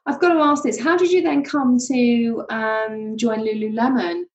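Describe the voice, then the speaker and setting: A woman's voice: a little high, normal speed, highs cut off. A woman interviewer asking curious, encouraging questions in a casual chat. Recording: roomy echoey sound.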